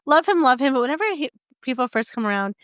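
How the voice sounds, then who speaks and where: A woman's voice: sits high, lively intonation, fast, fairly bright tone, smooth, no room sound, studio quality. A woman co-hosting a podcast, telling chatty stories and laughing often. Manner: giggly storyteller, laughs often. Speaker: podcast co-host. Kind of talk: casual chat. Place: rural home.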